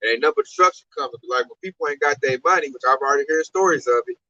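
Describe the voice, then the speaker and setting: A man explaining scripture in an emphatic, colloquial preaching style, sometimes breaking into a shout, on a dull lo-fi recording. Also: medium pitch, rapid-fire, dry recording. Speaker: teacher expounding scripture. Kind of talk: animated street-style preaching.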